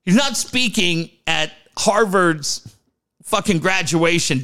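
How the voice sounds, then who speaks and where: A man co-hosting a podcast, chatting casually and profanely, often mimicking people. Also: slow. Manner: animated, profane, mimics people with big pitch jumps. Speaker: podcast co-host.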